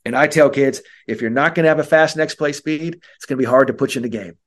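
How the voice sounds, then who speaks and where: Guy coaching youth hoops mindset, lively, jumps into kid voices, mid pitch. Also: fast talker. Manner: animated, acts out kids' and coaches' voices. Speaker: mental skills coach, guest. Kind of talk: podcast interview.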